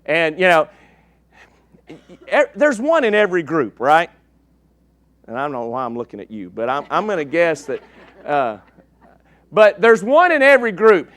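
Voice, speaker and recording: A man's voice: on the high side, huge pitch swings, normal speed, pauses often, a bit bright, no room sound. A man preaching in a church, folksy and joking with the congregation. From East Texas. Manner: folksy and joking, checks in with "okay?". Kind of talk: sermon with a slide show.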